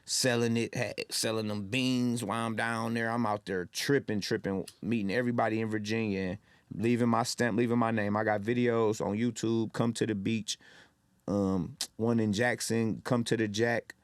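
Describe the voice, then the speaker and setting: A man in his thirties from Detroit, telling lively stories as a podcast guest and acting out what people said. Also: lowish voice, normal speed, no echo, clean studio sound. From Detroit, Michigan. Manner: animated storyteller, loud when acting out quotes. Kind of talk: casual storytelling.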